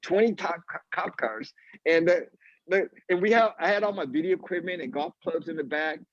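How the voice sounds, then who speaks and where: A man, a golf instructor, telling a story in an animated way on a live video call, acting out the other people's voices. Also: on the high side, brisk, dry recording. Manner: acts out quoted voices, laughs mid-story. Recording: dull lo-fi live stream audio.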